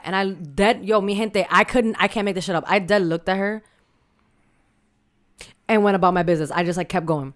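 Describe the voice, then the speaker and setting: A woman's voice: mid-range voice, fairly even intonation, fairly quick, long pauses. A woman podcast co-host telling a candid story in casual chat, full of slang and Spanish asides.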